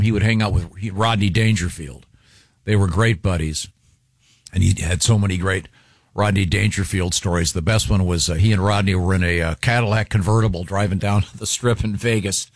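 Male host, low pitch, rambling, chuckles, dry close mic. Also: no echo. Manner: rambling, chuckling, many fillers. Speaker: radio show host. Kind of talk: casual chat.

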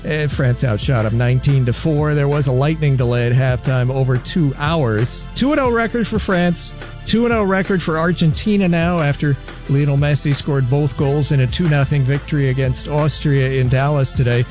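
Brisk male sports update anchor. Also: a little high, a little mellow, faint music behind. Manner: brisk, reads scores and ad copy.

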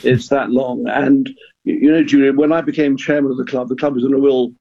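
An older man talks earnestly as a radio guest, stumbling and repeating words while he gathers his thoughts. His voice is warm and a little husky. The sound is dull and muffled, as if heard over a remote line. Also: medium pitch, steady tone, brisk. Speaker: guest, former football club chairman. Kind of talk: radio discussion.

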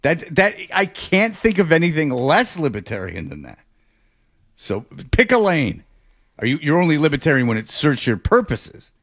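A man's voice: a little high, wildly swooping pitch, normal speed, fairly bright tone, dry recording. A male sports radio host in casual studio talk, rambling and sarcastic, often restarting his sentences.

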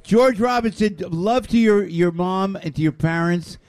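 A man hosts a lively radio show in a fairly high voice. He talks effusively and often bursts out loud. The studio sound is close and dry. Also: unhurried, no echo. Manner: excitable, effusive, raises voice often.

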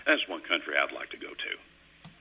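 A man's voice: very deep voice, big pitch swings, normal speed, pushed and bright, a little hiss or hum, poor audio. A middle-aged man, hosting a radio show in a folksy, rambling storytelling way. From Kentucky. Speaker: radio host. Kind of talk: casual on-air chat. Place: radio studio.

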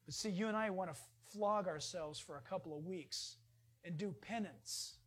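A man's voice: high voice, animated, a little slow, pauses often, breathy edge. Male pastor delivering a sermon, emphatic and conversational. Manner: emphatic, conversational preaching with sudden rises.

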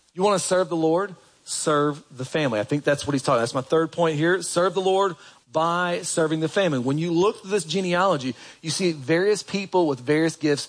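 A man delivers a sermon to his congregation in a relaxed, conversational way. His voice sits a little higher than most men's, and he keeps asking the room questions. He reads passages aloud between his own remarks. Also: rough recording. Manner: conversational preaching with rhetorical questions. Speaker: pastor. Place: church.

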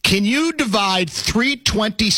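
A man's voice: high voice, expressive, slow, sharp tone, dry recording. A middle-aged man hosting a sports radio show, chatting and teasing his co-host in a casual, storytelling way.

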